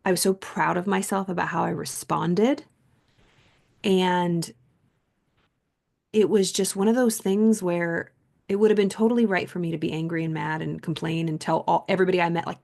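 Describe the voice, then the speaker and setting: A woman's voice: fairly low pitch, steady tone, moderate pace, gravelly, a little mellow. A woman hosting a podcast, telling a personal story in a chatty, rambling way full of "like," earnest and reflective. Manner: rambling, chatty, heavy use of "like". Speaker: podcast host and coach. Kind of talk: casual storytelling monologue.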